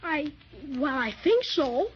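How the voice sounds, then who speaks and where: A woman playing an eager, bold young boy in a 1930s radio drama. She makes him sound excited and bossy. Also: high-pitched, slow pace, full character voice. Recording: dull 1930s radio transcription.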